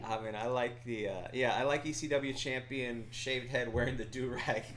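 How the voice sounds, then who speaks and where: A man's voice: medium pitch, fairly even intonation, normal speed, fairly bright tone, slight background noise. An American man co-hosting a casual live commentary show, talking in a dry, sardonic and rambling way full of fillers. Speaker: co-host and commentator.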